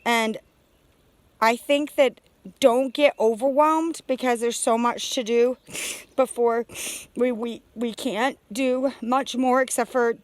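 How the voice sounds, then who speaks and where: A woman with a somewhat high voice pours out her thoughts in a rambling, heartfelt vlog, full of fillers and restarts. She sounds emotional, close to tears. The sound is dry and close, with no room echo. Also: steady tone, slow. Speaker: homesteader vlogger. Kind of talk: emotional personal vlog monologue. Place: outdoors on a homestead.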